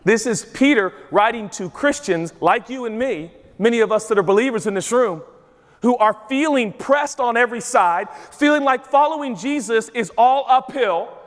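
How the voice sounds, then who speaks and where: A male pastor preaching a sermon to a congregation, lively and quick to act out voices for comedic emphasis. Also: extremely high pitch. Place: large church auditorium with a congregation. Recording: long reverb of a large church hall.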